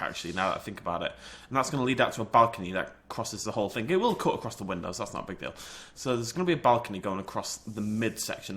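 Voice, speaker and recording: Bright, lively young man. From United Kingdom. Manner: chatty, self-mocking, yelps in high pitch when startled. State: has a cold. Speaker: gaming channel host. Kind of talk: casual Minecraft let's play commentary.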